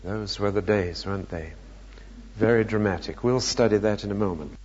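Male preacher, measured Bible teaching; dull recording with long hall reverb. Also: fairly low pitch, a little mellow, husky. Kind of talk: sermon.

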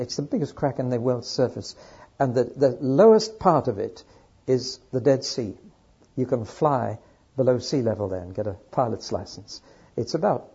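A man with a very husky, mellow voice teaches from the Bible to a gathered audience. He tells the story earnestly and often drops to quiet asides. The recording sounds dull and lo-fi. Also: medium pitch.

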